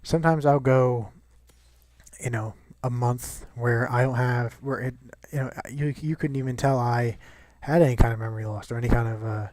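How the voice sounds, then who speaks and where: A man's voice: medium pitch, fairly even intonation, moderate pace, darkish tone, no echo. A young man chatting casually over gameplay, rambling and swearing with lots of restarts. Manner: rambling and profane, many restarts.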